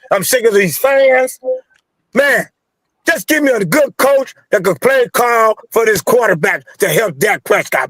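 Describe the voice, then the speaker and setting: A man with a very high-pitched voice rants in a heated, slangy rush, sounding fed up and fired up. The sound is dry and close, with no room around it. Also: fairly bright tone, no echo. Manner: fired-up, angry, repetitive, slangy. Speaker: caller ranting about football. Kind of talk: heated sports call-in rant.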